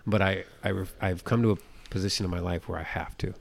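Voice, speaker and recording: A man's voice: low-pitched, steady tone, quick pace, vocal fry. A man co-hosting a podcast in casual chat, telling rambling stories and often checking in with "you know what I'm saying". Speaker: podcast co-host.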